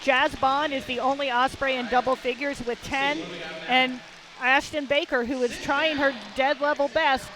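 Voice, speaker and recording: A woman's voice: high-pitched, steady tone, normal speed, crowd noise. A woman giving color commentary on a basketball game, analytical and plain-spoken with a folksy turn of phrase. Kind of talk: sports commentary.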